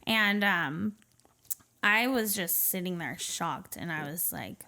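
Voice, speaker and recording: In a medium-pitched, bright voice with a forceful tone, a woman from the Portland, Oregon area speaks slowly as a podcast guest. She tells her life story candidly and conversationally, leaning on fillers such as "you know" and "um" and giving short, light nervous laughs.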